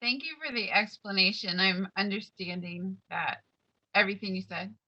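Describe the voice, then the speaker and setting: A woman's voice: mid-range voice, normal speed, bright, forceful tone, lo-fi sound. A woman participant on a video call, telling a personal story earnestly. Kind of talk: casual video-call chat.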